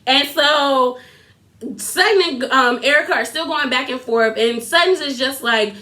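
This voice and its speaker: A young woman giving a casual, animated recap of a reality TV episode, sassy and quick to laugh. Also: high voice. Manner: animated, sassy, laughs often, quotes others in put-on voices.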